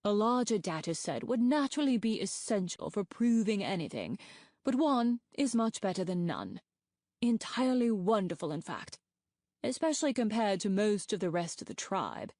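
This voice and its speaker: A woman voicing an eager, talkative male scientist dragon who rambles proudly and excitedly. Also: medium pitch, normal speed, dry recording, studio quality, natural voice.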